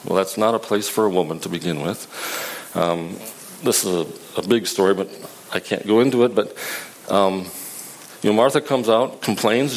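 A man preaching a sermon in a conversational, halting way, often restarting his sentences. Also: lowish voice, slight background noise, poor audio.

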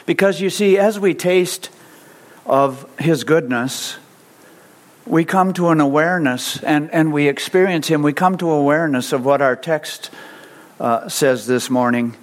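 A man's voice: on the high side, unhurried. A man preaching as a pastor, leading his congregation in call-and-response. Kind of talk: sermon.

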